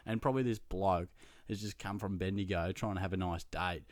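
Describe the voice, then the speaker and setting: Low-voiced Australian man telling a rowdy story. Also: fairly quick, dry recording. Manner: animated, profane, self-mocking anecdote telling. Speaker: podcast host. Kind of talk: casual storytelling.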